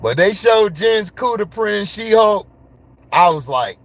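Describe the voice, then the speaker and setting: Man vlogger, slow-talking and slangy, slightly high voice, blunt casual rant. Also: expressive, dry recording. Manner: blunt, slangy, laughs and gets worked up.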